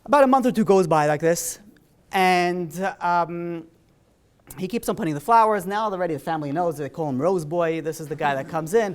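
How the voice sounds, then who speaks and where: A man, a rabbi, telling a story in a sermon in a casual, animated way, full of "you know" and "like". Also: high-pitched.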